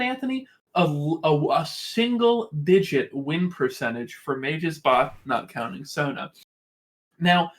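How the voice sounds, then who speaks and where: A man co-hosting a casual esports podcast, ranting emphatically and with exasperation. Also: sits high. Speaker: podcast co-host.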